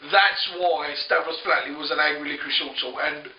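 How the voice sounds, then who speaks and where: A man telling a personal story to camera in a casual, animated way, acting out both sides of the conversation. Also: fairly high pitch, fairly quick. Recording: roomy, distant, dull lo-fi sound.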